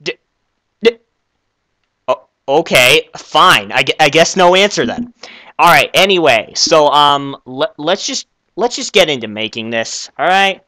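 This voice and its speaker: A young man hosting a comedic game skit, excitable and easily flustered, stammering often. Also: on the high side, a little slow, no room sound. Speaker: video creator.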